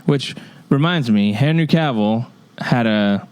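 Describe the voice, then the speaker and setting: A man's voice: medium pitch, animated, measured pace, a little mellow, smooth. A man from Mexico co-hosting a podcast, talking bluntly and ranting in casual chat on a close mic. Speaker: podcast co-host.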